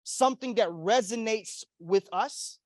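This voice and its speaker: A young man with a high voice delivers a motivational keynote in a hotel ballroom. He speaks emphatically, repeating phrases and leading call-and-response. The sound is close and dry. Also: measured pace, dry recording. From Florida. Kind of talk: keynote speech to a conference audience.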